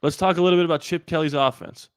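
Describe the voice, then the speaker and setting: A man hosting a live sports talk stream, animated and rambling with quick asides. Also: a little high, smooth, no room sound, studio quality. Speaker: sports channel host.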